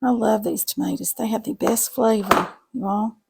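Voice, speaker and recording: A woman's voice: a little high, normal speed, gravelly, very noisy. A middle-aged woman, chatting folksily to viewers while cooking in her home kitchen. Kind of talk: casual cooking chat to camera.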